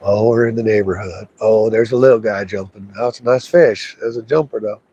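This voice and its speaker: Outdoors by a river, a fishing livestreamer gives casual live commentary, chatting to himself and to the fish. His voice is fairly low, warm and husky, a little fast, and the audio sounds dull.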